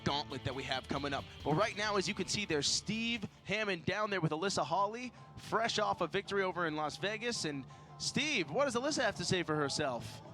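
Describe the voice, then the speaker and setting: A man's voice: high voice, a little fast. Male sports commentator, somewhat raised voice, emphatic, over a music bed. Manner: energetic, emphatic lists. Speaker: race commentator and gym owner. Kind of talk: live sports preview commentary.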